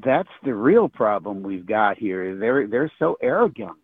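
A man's voice: fairly low pitch, very animated, a little slow, slightly rough, no room sound. An older retired man calling in to a radio talk show, ranting with sarcasm and stumbling through many restarts. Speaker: caller. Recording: tinny phone line.

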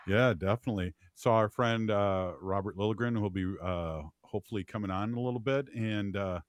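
Relaxed low-voiced male radio host. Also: brisk, no room sound, studio quality. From United States. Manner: relaxed, rambling, laughs easily, many fillers. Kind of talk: casual radio chat.

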